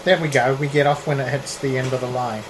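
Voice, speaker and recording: Polite hesitant player, air-con hum behind. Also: male voice, medium pitch, fast talker. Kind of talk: casual role-play. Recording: steady air-conditioning hum.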